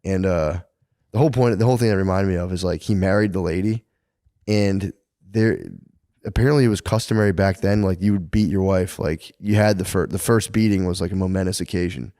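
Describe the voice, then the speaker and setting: A man on a podcast rattles through a long story at a rapid clip, peppering it with "like" and swearing freely. His voice sits a little low, and the sound is close and dry with no room echo. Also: fairly even intonation, mellow. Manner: rambling storyteller, heavy filler "like", profane. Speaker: podcast co-host. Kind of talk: casual chat.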